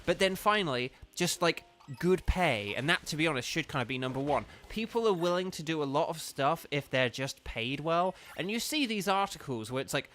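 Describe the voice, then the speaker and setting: A man with a slightly higher voice chats away on a live stream. He wanders from point to point with lots of fillers and little laughs while answering his viewers. Soft game music hums underneath. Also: animated, moderate pace. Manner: rambling, lots of ums and laughs, answers chat. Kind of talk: casual live-stream chat.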